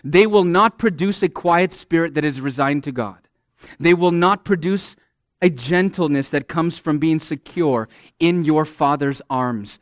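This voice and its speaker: A man with a voice on the high side preaches a sermon to women, addressing them directly in an earnest, emphatic way at a measured pace, swinging from loud emphasis to a near-murmur. There's no room sound.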